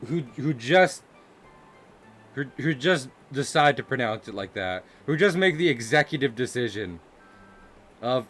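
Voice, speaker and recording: A man's voice: mid-range voice, very animated, normal speed, a bit bright, faint music behind. A man chatting casually on a live stream while drawing, rambling and giggling between his remarks. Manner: giggly, rambling, often laughing and restarting. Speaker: livestreaming artist.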